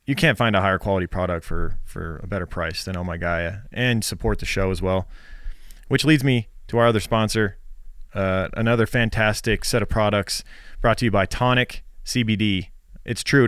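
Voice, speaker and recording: A male podcast co-host in casual chat, reading sponsor spots and listener reviews in a relaxed, rambling way with fillers. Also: lowish voice, moderate pace, clear, resonant tone, no echo, studio quality.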